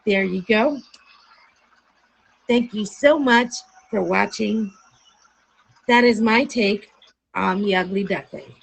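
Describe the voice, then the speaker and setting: A woman narrating a fairy tale on a live stream in an earnest, unhurried way. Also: mid-range voice, creaky, slightly rough, rough recording. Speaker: storyteller.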